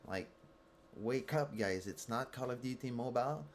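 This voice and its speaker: A man's voice: mid-range voice, normal speed, a little hiss or hum. A man with a Quebec French accent, ranting heatedly and profanely at a teammate while streaming a mobile game. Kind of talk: angry rant while streaming gameplay.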